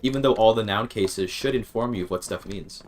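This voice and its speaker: A man's voice: lowish voice, a little fast, a little hiss or hum. A man streaming a game, rambling and thinking aloud, often interrupting himself and swearing casually. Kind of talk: casual gaming stream chat.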